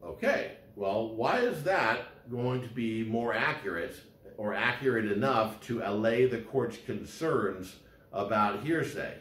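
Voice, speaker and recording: A man's voice: medium pitch, lively intonation, measured pace, a bit bright, echoey room. A man lecturing casually on law, rambling with frequent fillers and restarts.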